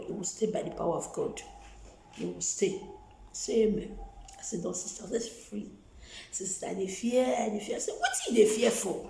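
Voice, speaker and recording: Gravelly-voiced Nigerian woman, emphatic and repetitive. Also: on the low side, warm tone, reverberant, a little hiss or hum, poor audio. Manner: emphatic, repeats phrases for emphasis. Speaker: vlogger. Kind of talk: testimony and encouragement to viewers.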